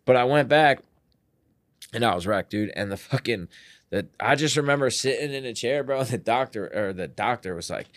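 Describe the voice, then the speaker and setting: A man's voice: mid-range voice, lively intonation, moderate pace, dry recording. A young man telling stories from his own life in a casual podcast interview, laughing a lot, swearing freely and saying "bro" and "dude" constantly. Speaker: podcast guest. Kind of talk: casual storytelling.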